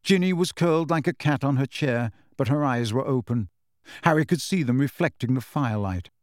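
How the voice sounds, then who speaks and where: A man's voice: mid-range voice, animated, fairly quick, no echo, clean studio sound. Man reading a story aloud. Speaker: narrator. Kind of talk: audiobook narration.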